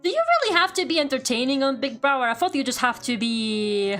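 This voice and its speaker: A woman's voice: sits high, fairly quick, faint music behind. A young woman streamer chatting casually and ranting with lots of laughter, fillers and casual swearing. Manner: animated, exasperated storytelling with frequent laughter. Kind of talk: casual chat.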